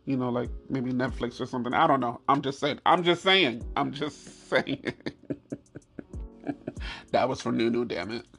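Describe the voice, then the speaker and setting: A man telling a funny personal story in casual chat, animated and laughing often, swearing freely and repeating his punchlines. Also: medium pitch, moderate pace, pauses often, soft background music.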